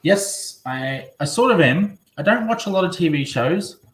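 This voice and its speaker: A man's voice: high-pitched, lively intonation, normal speed. A man chatting casually on a live stream, rambling and reading viewers' comments aloud. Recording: echoey room.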